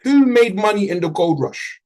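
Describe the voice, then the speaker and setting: A man's voice: high voice, sing-song, moderate pace, crowd noise, rough recording. A man leading a trading community on a group video call. He talks in a punchy, motivational way and repeats lines for emphasis.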